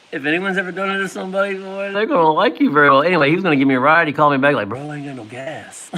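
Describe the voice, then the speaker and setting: A man's voice: on the high side, fast, bright, forceful tone, rough recording. A man telling a casual personal story, laughing often and making sound effects. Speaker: vlogger.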